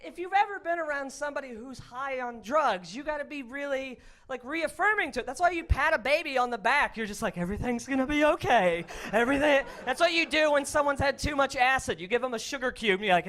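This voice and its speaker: A man performing a stand-up comedy set on a club stage, with a punchy, animated delivery full of tag questions. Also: very high-pitched.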